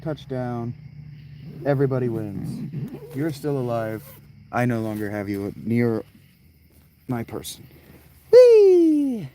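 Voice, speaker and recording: Speaking from a tent into a clip-on mic, a streamer cusses and rambles through casual commentary on the game he's playing, often talking to himself. His mid-range voice is warm and fairly even, with a measured pace, long pauses, and a little hiss or hum in the background.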